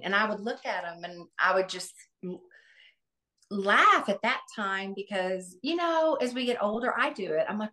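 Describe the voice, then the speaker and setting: A woman's voice: medium pitch, animated, normal speed, sharp tone. A middle-aged woman, a guest on an interview, recalling family memories in an earnest, reflective way with many restarts. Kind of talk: interview, personal recollection.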